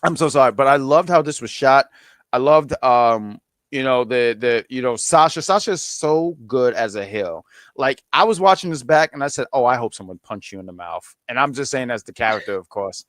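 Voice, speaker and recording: A man hosts a podcast in easygoing chat, his voice sitting at an average pitch. He talks with enthusiasm and often stumbles and restarts his sentences. The sound is dry and close, with no room around it. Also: lively intonation, moderate pace, fairly bright tone, no echo. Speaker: podcast host. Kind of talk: casual chat.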